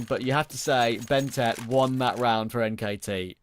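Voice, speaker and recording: Excitable man calling esports play-by-play. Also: mid-range voice, moderate pace, hardly any pauses. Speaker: esports commentator. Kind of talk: live esports play-by-play commentary. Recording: broadcast with clear background noise.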